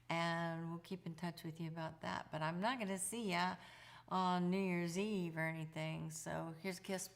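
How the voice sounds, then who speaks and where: A singer-songwriter woman chatting casually to her viewers on a home livestream, loose and quick with asides. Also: lowish voice.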